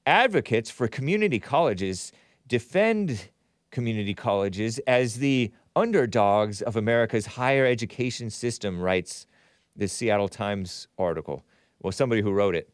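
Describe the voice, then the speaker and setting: A man's voice: fairly low pitch, expressive, normal speed, no echo, studio quality. A man hosting his own talk show, delivering a rambling, mocking monologue and laughing often. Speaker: host. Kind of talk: casual monologue.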